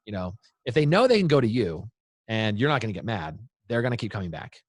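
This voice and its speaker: A man's voice: on the low side, very animated, quick pace, no echo. A man in his thirties, a guest speaking to parents in an interview, talking with energy and acting out what kids say. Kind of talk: animated interview talk.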